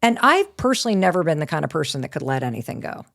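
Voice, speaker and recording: A middle-aged woman, a guest author, telling a personal story in a lively, candid way on a podcast interview, with casual swearing. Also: low voice, rapid-fire, gravelly.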